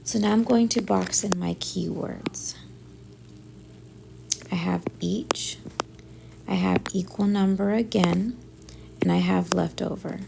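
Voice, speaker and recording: A woman teacher working through division word problems step by step, thinking aloud and often dropping to a soft near-whisper. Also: mid-range voice, steady tone, takes it slowly, gravelly, long pauses, background noise. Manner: thinks aloud step by step, often softly under her breath. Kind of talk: math lesson walkthrough.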